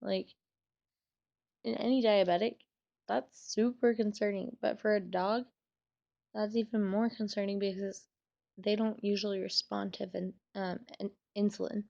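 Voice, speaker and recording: A woman's voice: medium pitch, little pitch movement, measured pace, creaky, darkish tone, lo-fi sound. A young woman telling a sad personal story in a casual vlog, swearing and using many fillers while she fights back tears. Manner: emotional, trying to hold back tears. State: tearful. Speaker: vlogger.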